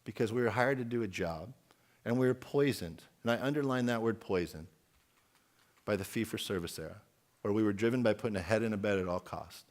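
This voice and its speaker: A man's voice: fairly low pitch, fast talker. A man in his forties giving an outspoken, emphatic conference keynote and putting questions to the audience. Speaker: keynote speaker.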